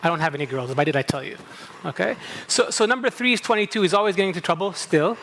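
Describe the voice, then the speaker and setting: A man's voice: high-pitched, lively intonation, very fast, vocal fry, a bit bright, a little hiss or hum. A middle-aged man from Kuwait with an American accent, giving a conference talk as a psychologist and moderator, telling stories and checking in with "okay?". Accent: American, picked up at a New England summer camp. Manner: anecdotal, repeats "okay?" and acts out inner dialogue. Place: conference stage.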